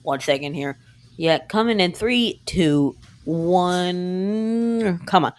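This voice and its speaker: Low-voiced woman rambling through a cooking vlog. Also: slow, clear, resonant tone. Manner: rambling, jokey, keeps saying "anyway"; talks to self and the viewer. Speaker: home cooking vlogger. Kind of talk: casual cooking video chat.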